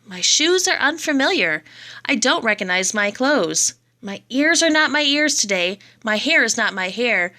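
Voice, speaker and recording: A woman reading children's poems aloud, in a lively and expressive read-aloud manner. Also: on the high side. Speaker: reader.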